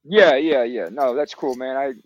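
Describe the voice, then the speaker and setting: A man talking excitedly and rambling in a casual group chat. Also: medium pitch, moderate pace, no echo, dull audio. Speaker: show regular.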